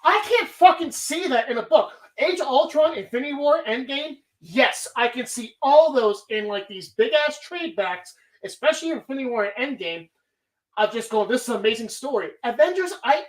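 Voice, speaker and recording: A woman's voice: sits high, animated, moderate pace. A woman hosting a live stream, talking casually in a rambling, profane way. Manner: rambling, heavy swearing. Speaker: streamer host.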